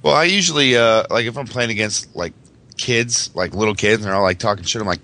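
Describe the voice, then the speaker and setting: A man's voice: on the low side, fairly quick, bright, forceful tone. A young man co-hosting a casual gaming podcast, brash and full of swearing. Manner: brash, swearing, drill-sergeant bluster. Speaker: podcast co-host.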